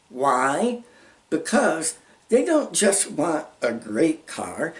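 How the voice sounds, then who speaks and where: A man's voice: on the high side, very animated, takes it slowly. A man hosting a motivational self-help lesson, talking emphatically and acting out little example conversations. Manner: emphatic, acts out example dialogue. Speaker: channel host teaching social skills.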